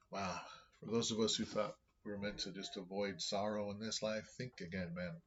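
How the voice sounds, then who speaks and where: A man reading scripture aloud on his vlog and thinking out loud about what it means. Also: lowish voice, fairly even intonation, moderate pace, highs cut off, a little hiss or hum. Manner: thinking aloud, with many restarts.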